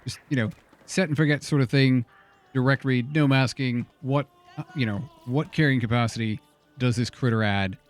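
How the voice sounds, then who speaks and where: A man's voice: medium pitch, moderate pace, soft background music. A man streaming a game, chatting casually and muttering exasperated questions to himself as he plays. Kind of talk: casual gameplay commentary.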